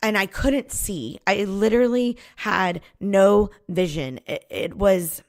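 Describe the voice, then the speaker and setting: A woman's voice: mid-range voice, slow pace, dry recording, clean studio sound. A woman, a podcast host candidly telling her own story, with a few restarts. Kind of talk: personal storytelling.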